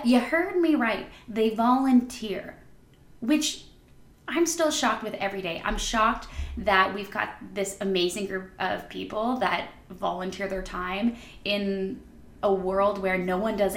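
A woman hosting a podcast, introducing the first episode in a bubbly, excited, emphatic monologue with a high, squeaky voice. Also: measured pace, roomy sound. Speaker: podcast host.

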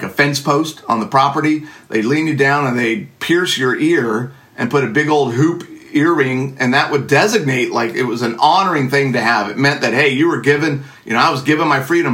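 Bright-voiced man telling a self-mocking story. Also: medium pitch. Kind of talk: comedic personal storytelling.

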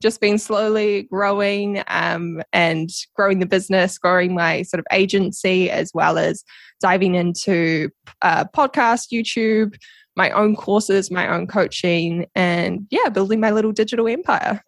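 A young woman with a New Zealand accent tells her story as a podcast guest. She talks animatedly, laughs often and acts out what others said. Her voice sits in the middle of the pitch range, and the sound is dry and close. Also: a little slow, creaky, no room sound. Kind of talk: casual storytelling interview.

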